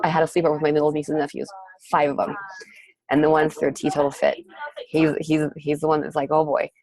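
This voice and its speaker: A woman's voice: low voice, darkish tone, low-quality recording. A woman coach giving an upbeat, gushing motivational pep talk to her team on a group call. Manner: upbeat, gushing, rapid encouragement. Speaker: network marketing coach leading a team call. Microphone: group call audio.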